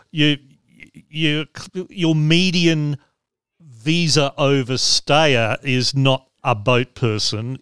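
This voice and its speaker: A man's voice: medium pitch, fairly bright tone, smooth, no room sound, studio quality. A man hosting a podcast, explaining things in casual chat with wry asides. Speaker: podcast host.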